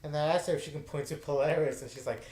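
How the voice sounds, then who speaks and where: A man's voice: a little high, steady tone, rapid-fire, darkish tone. Rambling man telling a story in an echoey room. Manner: rambling, with many fillers and restarts. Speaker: gaming channel host. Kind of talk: casual storytelling chat.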